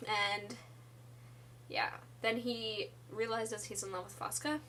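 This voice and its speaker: A woman with a medium-pitched, sharp voice speaks slowly and fairly evenly over slight background noise. She's a musical theatre vlogger casually recapping a musical's plot, rambling with lots of "like," fillers, and giggly asides.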